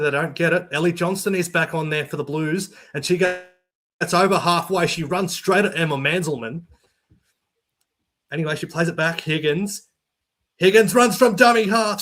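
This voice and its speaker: Male sports commentator, high voice, excitable live play-by-play. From Australia. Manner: rapid play-by-play, jumps to shouting on big runs.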